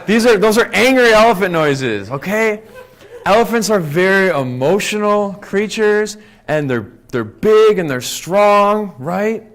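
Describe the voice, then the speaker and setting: A man giving a lively talk to a live conference audience, often checking in with "right?" and "okay?". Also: high-pitched, unhurried. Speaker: conference speaker.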